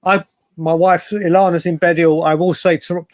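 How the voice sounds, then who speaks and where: English man, casual podcast co-host, high voice, chatty and emphatic, repeats himself. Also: level tone, normal speed, a little mellow, dry recording. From England. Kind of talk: casual chat.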